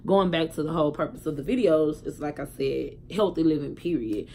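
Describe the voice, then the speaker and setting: A woman's voice: low voice, brisk, a little mellow, slight background noise. A young woman telling a casual story to her viewers, chatty and candid. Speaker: vlogger.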